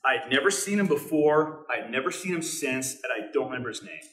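Middle-aged guy telling stories at church, bright voice, kinda far off the mic in a roomy hall. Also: medium pitch, animated. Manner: conversational, halting, with many restarts and fillers. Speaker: teacher sharing a testimony. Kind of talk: personal storytelling at church. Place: church sanctuary.

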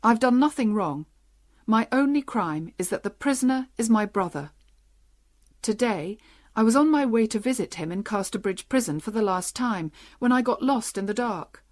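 A woman's voice: a little high, lively intonation, normal speed, darkish tone, close to an everyday voice. A woman reading as a polite, frightened little man. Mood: earnest. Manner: polite, earnest explaining.

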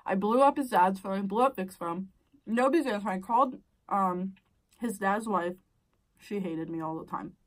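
A woman's voice: mid-range voice, normal speed, recorded from a distance, rough recording. A young adult woman telling a personal story casually while eating, blunt and profane, her voice shooting way up when she gets worked up.

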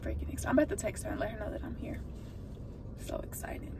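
A young woman chatting excitedly and rambling in a casual vlog, recorded on a phone inside a car. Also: medium pitch, fast, vocal fry. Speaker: vlogger. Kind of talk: casual vlog chat to camera. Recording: distant phone audio with loud road noise.

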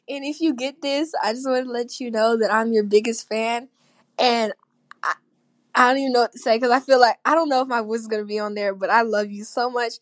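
A woman recording an excited, flustered birthday message as a fan. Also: fairly high pitch, no echo, clean studio sound.

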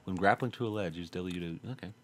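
A man commentating his own gameplay, talking to himself, swearing often and swinging from low muttering to loud frustrated outbursts. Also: fast talker. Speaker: gaming channel host. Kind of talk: let's play commentary.

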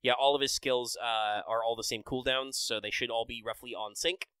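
A man's voice: mid-range voice, fairly even intonation, moderate pace, bright, forceful tone, clean tone, no echo, low-quality recording. A man hosting a casual podcast, enthusiastically breaking down game details with many fillers. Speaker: podcast host. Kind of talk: casual podcast chat about a mobile game.

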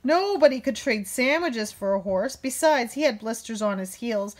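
A woman's voice: a little high, expressive, normal speed. A woman reading a children's picture book aloud, raising her voice to act out the characters. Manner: acts out characters with raised voices. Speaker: storybook reader.

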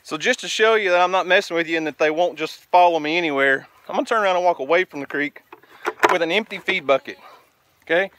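A man's voice: fairly high pitch, quick pace, a bit bright, slight background noise. A man, vlogging outdoors by a farm creek in a folksy way and talking to the camera while out of breath. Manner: folksy, talks to camera and coaxes goats. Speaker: homestead vlogger. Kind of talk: casual outdoor vlog.

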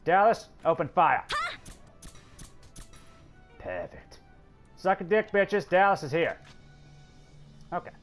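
Man, excitable gameplay commentary, lively swooping voice, swears a lot, faint game music behind. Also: high-pitched, takes it slowly, pauses often. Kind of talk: casual let's play commentary.

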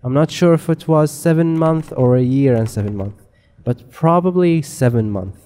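A man's voice: a little high, normal speed, warm tone. A man giving casual, rambling let's play commentary on a horror game, swearing constantly and mocking himself. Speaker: gamer.

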